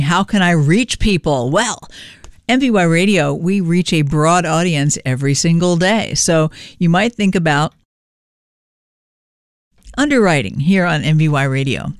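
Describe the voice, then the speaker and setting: A woman radio DJ announcing songs and station news in a relaxed, chatty way, fighting a cough and stumbling a little. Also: low voice, clean tone, no room sound, clean studio sound. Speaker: radio DJ and host. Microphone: studio microphone.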